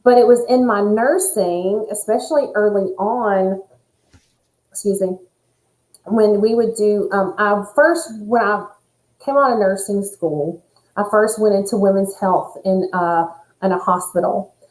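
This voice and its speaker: A woman's voice: mid-range voice, unhurried. Nurse lady chatting about spirit stuff, earnest, echoey room. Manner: animated, earnest, spiritual phrasing. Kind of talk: casual chat.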